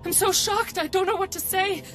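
A woman's voice: very high-pitched, normal speed, music in the background. An actress playing a frightened, pleading young village woman in a game. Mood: shaken. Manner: shaken, pleading.

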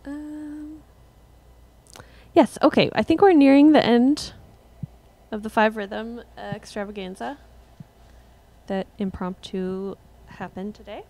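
A young woman musician casually chatting with her livestream viewers between songs, relaxed and rambling. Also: a little high, slow pace, vocal fry, pauses often. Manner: relaxed, rambling, laughs at herself.

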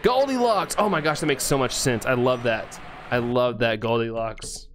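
A male game streamer reading his live chat aloud, excitable and quick to thank viewers, laughing often. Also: medium pitch, a little hiss or hum.

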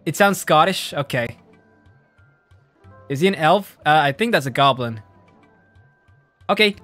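High-voiced giggly male streamer. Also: lively intonation, a little slow, a bit bright, soft background music. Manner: giggly, reads game text aloud. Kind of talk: game stream commentary.

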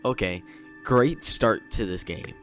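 Casual, profane male gamer, low voice, music bed. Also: takes it slowly. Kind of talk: let's play commentary.

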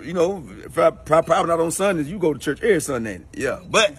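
A man's voice: on the high side, lively intonation, fast. A man in a comedy sketch talking in laid-back Southern slang, chuckling often.

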